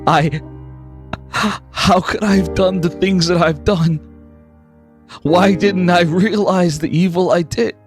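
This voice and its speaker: Man doing a tearful remorseful hero, stammering, raised-pitch voice over music. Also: expressive, takes it slowly, long pauses. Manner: sobbing, stammering apologies.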